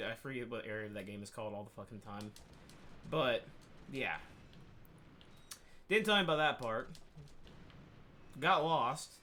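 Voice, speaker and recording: A man telling a rambling, profane story in a casual gaming chat, animated and quick to swear. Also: mid-range voice, a little hiss or hum. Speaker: podcast co-host.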